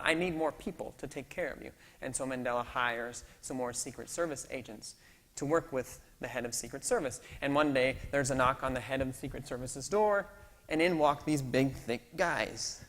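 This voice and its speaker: A man pastor telling stories in a sermon, lively and acting out the dialogue. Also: on the high side. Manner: storytelling, animated, acts out dialogue. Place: church sanctuary. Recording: long hall reverb in a church.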